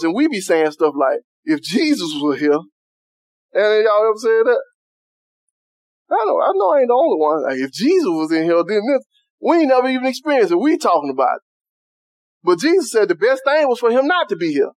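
A man's voice: extremely high pitch, no echo. A man preaching a sermon in a loose, conversational style, reading scripture and retelling it in everyday Southern vernacular.

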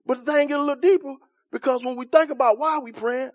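A man preaching an impassioned sermon in informal church speech, swinging from loud shouts down to quiet, soft lines. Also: very high-pitched, fairly even intonation, fast. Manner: impassioned, rising to shouts then dropping soft.

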